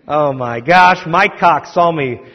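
A man's voice: on the high side, slow pace, pushed and bright. A man preaching a sermon as pastor, in a conversational, self-deprecating storytelling manner. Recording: echoey hall, dull sound.

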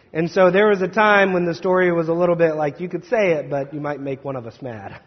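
A slightly high, husky male pastor preaching in a church sanctuary, his voice carried by a long reverb. He reads scripture and tells family stories in a loose, conversational way. The sound is a little dull and lo-fi. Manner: conversational storytelling with laughs. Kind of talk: scripture reading and Easter sermon.

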